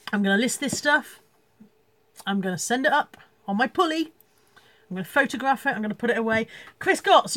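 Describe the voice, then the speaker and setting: A woman's voice: sits high, fairly bright tone, no echo. A woman chatting casually from home on a live stream, rambling, laughing often and reading out viewer comments. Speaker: reseller hosting a live stream.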